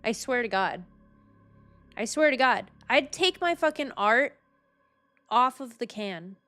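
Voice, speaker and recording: Woman streamer, high voice, unhurried delivery, profane ranting, sudden shrieks. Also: animated, bright, forceful tone, faint music behind. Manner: bursts into shrieks. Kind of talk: casual gaming stream chat.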